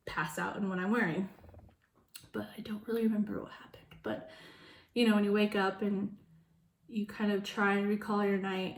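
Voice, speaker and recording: Young woman vlogger, middle-pitched, candid and profane, telling her story with laughs and loud acted-out quotes, in a roomy space. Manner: casual and frank, swears, laughs between lines; acts out quoted voices with sudden loud high bursts.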